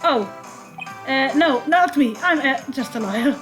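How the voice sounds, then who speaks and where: A woman's voice: high voice, animated, a little slow, over music. A woman with an Israeli accent voicing an awkward, hesitant young male lawyer from a game. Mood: flustered.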